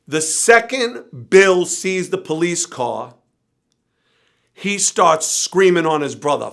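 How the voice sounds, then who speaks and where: A man as an interview guest, telling a wild, profane anecdote with animated energy that drops at times to a low, tired murmur. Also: slow, gravelly. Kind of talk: storytelling in an interview.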